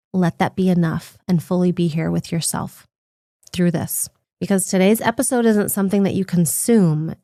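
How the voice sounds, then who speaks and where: A woman hosting a reflective self-help podcast, coaching the listener directly in a gentle, encouraging way. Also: mid-range voice, no echo, studio quality. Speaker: podcast host.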